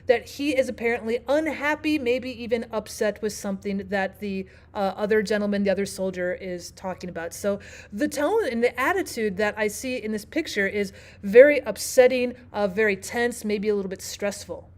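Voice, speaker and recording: A woman teacher narrating a lesson, explaining clearly and asking the listener questions. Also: medium pitch, moderate pace, a little mellow. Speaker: language arts teacher.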